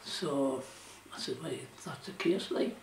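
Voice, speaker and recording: In this oral history reminiscence, an older man from South Shields, England, once a shipwright, speaks at a medium pitch and a little slowly. His casual Geordie dialect rambles through work stories, packed with "you know" and "like." The recording is distant and off-mic, with a roomy echo and slight background noise.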